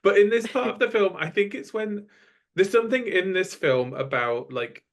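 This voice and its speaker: A man's voice: sits high, expressive, normal speed. A man appearing as a podcast guest muses about a film's ideas. He speaks thoughtfully and hesitantly, often stammering and restarting mid-thought. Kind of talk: casual film discussion.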